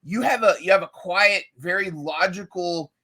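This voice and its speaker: A man hosting a casual podcast chat with a bright, forward voice. He pitches a little higher than most men and talks eagerly. He rambles and restarts his sentences. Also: normal speed. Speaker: podcast host. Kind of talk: casual conversation.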